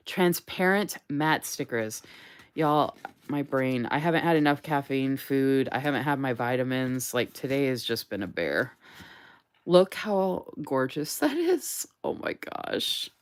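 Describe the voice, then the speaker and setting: Her voice is very deep and smooth as she hosts a casual live stream about planner stickers. The woman gushes enthusiastically, reads out viewer comments, and says "oh my gosh" a lot.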